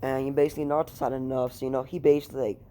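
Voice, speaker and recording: A man's voice: mid-range voice, flat delivery, racing, warm tone. A man casually retelling a fan story at home, rambling and swearing, with lots of fillers. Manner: rambling, profane, heavy with fillers. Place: room at home.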